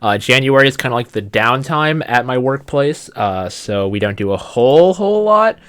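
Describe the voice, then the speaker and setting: A man's voice: mid-range voice, expressive, normal speed, a bit bright, clean tone. A young man from Canada hosting a casual podcast, chatty with lots of ums. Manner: chatty, many ums and restarts. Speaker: podcast host. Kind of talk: casual chat.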